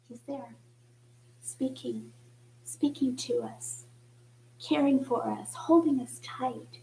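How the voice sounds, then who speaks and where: Woman preacher, high voice, gentle reflective sermon with hushed passages. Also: unhurried, gravelly, rough recording. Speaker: church speaker. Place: church.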